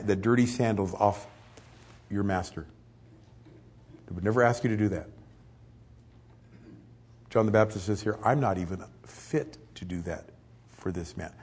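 A middle-aged male pastor preaching a conversational, animated sermon. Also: lowish voice, husky. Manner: conversational, animated, acts out quotes.

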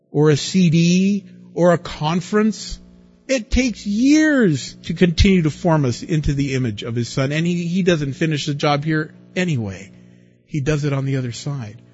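A man preaching a sermon, lively and dramatic, acting out the people he quotes with big swings in his voice. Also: on the high side, normal speed, breathy edge, lo-fi sound, faint music behind. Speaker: pastor.

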